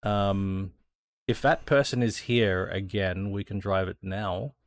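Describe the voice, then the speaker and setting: A man's voice: low voice, fairly even intonation, takes it slowly, no room sound. An Australian man streaming a racing sim, chatting casually to viewers, thinking aloud and swearing freely. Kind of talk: casual gameplay chat.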